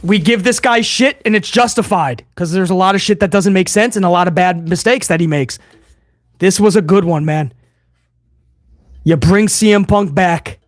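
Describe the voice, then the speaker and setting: A fairly high-pitched man chats excitedly to his viewers on a live stream, casual and profane, tossing in "bro" and "man." The sound is close and dry, with no room around it. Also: normal speed, no room sound. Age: older adult fan. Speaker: livestream host reacting to wrestling. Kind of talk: live reaction stream commentary.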